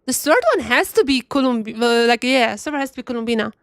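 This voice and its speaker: A young woman streaming a game and commentating emphatically, repeating herself and brushing off ideas quickly. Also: fairly high pitch, steady tone, no room sound, studio quality. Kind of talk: live gameplay commentary.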